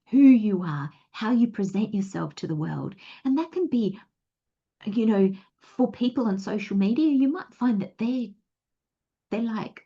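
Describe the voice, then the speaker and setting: An Australian woman talks through a tarot reading in a loose, rambling way and now and then acts out the thoughts of her listeners. Her voice is mellow and relaxed and sits at an ordinary pitch. The recording is a little dull and muffled. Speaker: tarot reader. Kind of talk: casual spiritual guidance talk.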